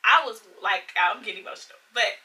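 Earnest woman on a faith podcast with a very bright tone, set back from the mic. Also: medium pitch, brisk, far from the mic, a little hiss or hum, low-quality recording. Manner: emotional, earnest, many "like"s and "y'all"s. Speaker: podcast co-host. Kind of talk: casual faith testimony chat.

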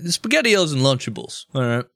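A man co-hosting a comedy podcast, chatting casually with deadpan one-liners. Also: medium pitch, fairly quick, vocal fry, no room sound, studio quality. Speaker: podcast co-host.

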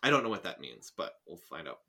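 A man in casual chat about a story he is reading, sarcastic and animated. His pitch swings widely and his voice stays bright and ringing. He stumbles through restarts with quick laughs. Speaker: podcast co-host reading a story aloud.

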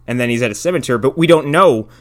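A man's voice: mid-range voice, very fast. A man in casual chat, sarcastically tearing apart a bad film with plenty of swearing. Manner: sarcastic, profane, animated. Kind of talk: casual movie-riffing chat.

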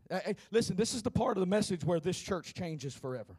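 A man preaching a sermon in a church, building from low talk up to shouting with the congregation. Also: expressive, quick pace, slightly rough. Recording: piano music behind.

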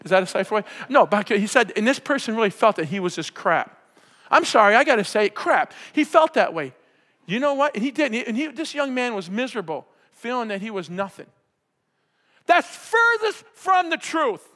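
A man preaching a sermon, fervent and often yelling with excitement. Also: sits high, brisk. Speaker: pastor. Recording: preacher in a hall with long reverb.

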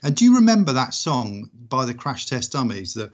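A man's voice: mid-range voice, big pitch swings, a little fast, hardly any pauses. A man from the United Kingdom hosting a podcast, chatting casually and jokily, rambling and thanking listeners. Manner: jokey, rambling, gives thanks. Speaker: podcast host. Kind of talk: casual chat. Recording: dull lo-fi audio.

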